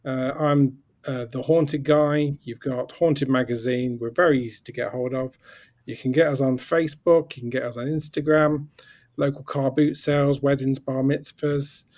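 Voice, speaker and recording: A man's voice: medium pitch, fairly even intonation, moderate pace, a little mellow. A man who designs a paranormal magazine, speaking as a guest on a live video chat. He promotes his work with enthusiasm and drops in wry jokes. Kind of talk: casual live-stream chat.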